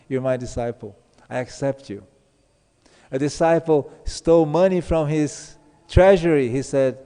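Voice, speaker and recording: Male preacher, sermon delivery, storytelling, slightly higher voice, mellow tone, long hall reverb. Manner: storytelling, acts out quoted dialogue. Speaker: speaker giving a scripture class.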